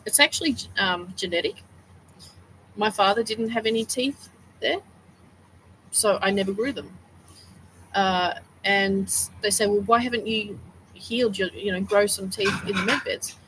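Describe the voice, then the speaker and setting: A woman's voice: mid-range voice, measured pace, long pauses, fairly bright tone, a little hiss or hum, rough recording. A middle-aged woman, chatting casually on a livestream, rambling and laughing often as she retells events. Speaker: livestream host.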